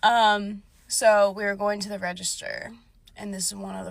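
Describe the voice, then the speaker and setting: A woman's voice: medium pitch, level tone, moderate pace, vocal fry, no room sound. A young woman telling a casual storytime about a bad date, chatty, full of "like" and swearing freely.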